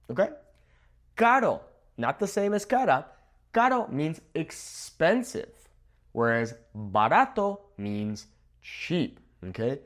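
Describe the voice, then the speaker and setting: A young man teaching a Spanish vocabulary lesson at a whiteboard, upbeat and playful, with a laugh at his own jokes. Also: on the high side. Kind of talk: video language lesson. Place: room with a whiteboard.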